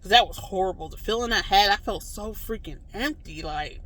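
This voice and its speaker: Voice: medium pitch, a little fast, dry recording. A vlogger telling a story casually to the camera, rambling with lots of "like" and "you know" and acting out reactions. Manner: animated, acts out reactions in quotes.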